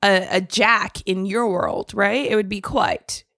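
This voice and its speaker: A woman's voice: medium pitch, fairly even intonation, measured pace, a bit bright, no room sound, studio quality. A woman co-hosting a casual gaming podcast, giggly and rambling. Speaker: podcast co-host.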